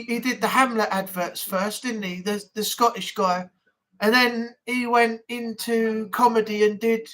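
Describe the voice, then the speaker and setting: A woman's voice: a little high, fairly bright tone, poor audio. Chatty woman hosting a live stream. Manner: rambling, lots of fillers and asides. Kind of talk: casual chat.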